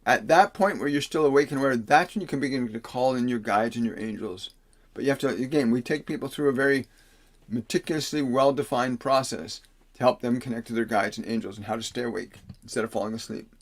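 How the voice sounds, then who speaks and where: A man of middle pitch hosts a livestream as a spiritual teacher, reading viewers' questions aloud. He answers in a calm, coaxing way, and at times slows into a solemn, preacher-like delivery. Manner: reads viewer questions aloud and gives slow, soothing instructions.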